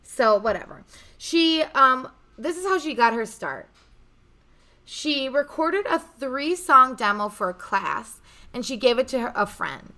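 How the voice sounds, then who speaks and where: A woman's voice: high voice, very animated, measured pace, sharp tone. A young woman hosting a casual podcast chat, telling a story in a chatty, swearing, offhand way. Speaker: podcast host.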